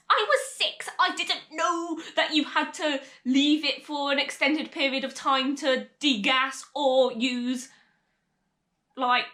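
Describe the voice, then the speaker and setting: Chatty high-voiced young woman. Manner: chatty, animated, laughs through the story. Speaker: vlogger. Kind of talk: casual storytime vlog. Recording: echoey room.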